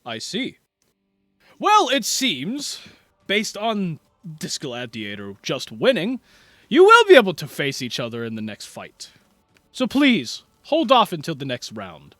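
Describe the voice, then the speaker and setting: Guy putting on a loud showy arena announcer, way up high and shouting, bright. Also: huge pitch swings, unhurried, dry recording, studio quality, heavily acted. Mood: formal. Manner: booming, showman-like announcing. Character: excitable loud male tournament announcer.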